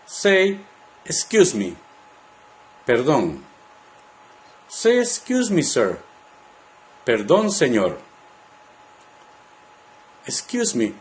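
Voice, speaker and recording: A man teaching a language lesson, saying words slowly and part by part for the listener to repeat. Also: medium pitch, wildly swooping pitch. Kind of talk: slow, deliberate language lesson.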